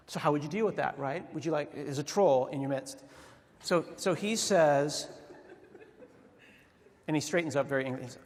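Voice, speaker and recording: A man's voice: on the high side, normal speed, pauses often, a little hiss or hum. A man giving a humorous conference talk, telling a story and acting out the voices of the people in it. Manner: animated storytelling with quoted voices. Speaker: conference speaker. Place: large conference hall. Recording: reverberant hall.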